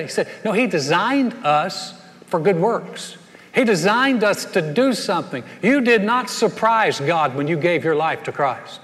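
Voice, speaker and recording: A man preaches in a church sanctuary, spinning homespun stories into lessons. His voice sits a little high, and he leans hard into the punchlines. A long reverb hangs behind every phrase. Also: normal speed. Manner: folksy storytelling, animated punchlines. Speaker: pastor. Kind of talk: sermon.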